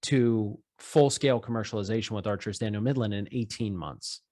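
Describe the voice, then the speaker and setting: A man who founded a startup, talking energetically and with self-deprecation as a guest in a casual interview. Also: on the low side. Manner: energetic, self-deprecating, talks in quick bursts.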